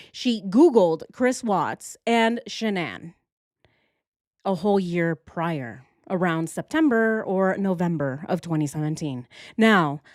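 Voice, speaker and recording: A woman's voice: fairly low pitch, dry recording, studio quality. A woman hosting a casual livestream, joking with her chat and thinking aloud as she works through a timeline. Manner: playful, jokey, addresses chat directly. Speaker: true crime livestream host.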